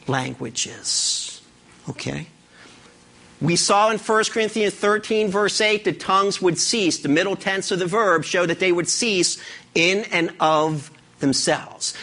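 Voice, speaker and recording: A man preaching a sermon as pastor, lively and conversational, acting out what imagined listeners would say. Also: high-pitched. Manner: animated, acts out imagined listeners.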